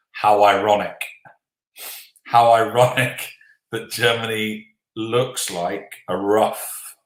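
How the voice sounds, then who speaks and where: Slow-talking man hosting a quiz. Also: mid-range voice. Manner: jokey, swears then apologises, reads answers slowly. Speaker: quiz host. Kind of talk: live online quiz hosting, casual banter. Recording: echoey room.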